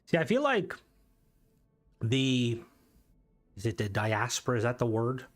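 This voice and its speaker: A young man from Ireland with a softened Irish accent, casually chatting on his livestream, rambling, swearing and greeting viewers as he reads their comments. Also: medium pitch, sing-song, measured pace. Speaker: streamer.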